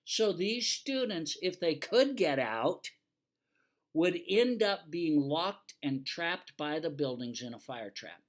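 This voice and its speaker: A man's voice: on the high side, lively intonation, takes it slowly. Older man giving a plainspoken lecture. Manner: plainspoken, teasing, repeats warnings firmly. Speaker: fire safety instructor. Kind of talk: lecture over slides.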